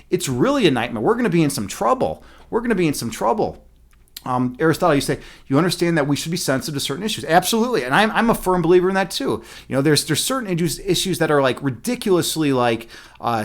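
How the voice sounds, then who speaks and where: A man with a slightly high voice tells a story in a loose, rambling rant. He swears freely, restarts his sentences and fills them with "right?" and "like", and he sounds animated throughout. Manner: profane, animated, many fillers and restarts. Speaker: streamer.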